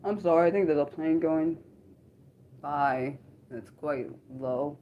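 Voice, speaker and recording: A woman's voice: deep voice, slow, muffled recording, a little hiss or hum. A woman hosting a casual unscripted livestream, rambling as she reacts to chat comments and often apologizes. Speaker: livestream host.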